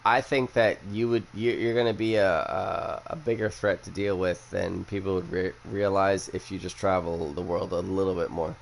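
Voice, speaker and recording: A man's voice: low-pitched, steady tone, moderate pace, gravelly, hardly any pauses, a little hiss or hum. A young man hosting a casual chat, who rambles bluntly and swears a lot after a few drinks. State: has been drinking. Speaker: podcast host.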